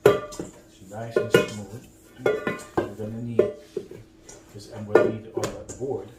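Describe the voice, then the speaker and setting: A man hosting a casual cooking demonstration in a home kitchen, chatting as he works and often checking in with the viewer with a quick "right?". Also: fairly low pitch, flat delivery, over loud music. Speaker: home cook host. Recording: roomy kitchen with loud clattering.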